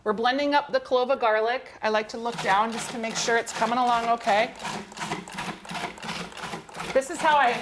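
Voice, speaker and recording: Casting: fairly high-voiced woman, chatty cooking demo guest. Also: fairly even intonation, normal speed, pauses often, noisy background. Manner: chatty, upbeat, explanatory. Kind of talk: cooking demonstration.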